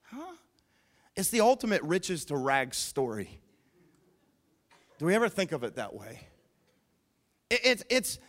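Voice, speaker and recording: A pastor preaching a sermon, emphatic, asking the listeners questions and swinging between hushed and loud. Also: male voice, high voice.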